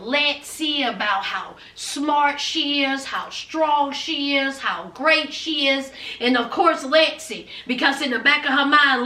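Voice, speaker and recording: A woman giving a chatty, animated recap of a TV episode, calling her viewers "honey" and "child" as she talks. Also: high-pitched. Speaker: TV episode reviewer. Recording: roomy, distant from mic.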